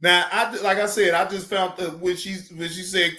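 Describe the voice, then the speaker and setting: A man hosting a livestream, giving casual reaction commentary in an animated, repetitive, teasing way. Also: sits high, normal speed, hardly any pauses. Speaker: livestream host.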